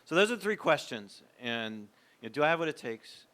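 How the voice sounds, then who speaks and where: A man in his fifties speaks to a men's group in a bright, forceful voice. His tone is smooth and resonant. He talks candidly and reflectively, as if sharing his own struggles in conversation. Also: on the high side, sing-song, normal speed. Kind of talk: personal talk to a men's gathering.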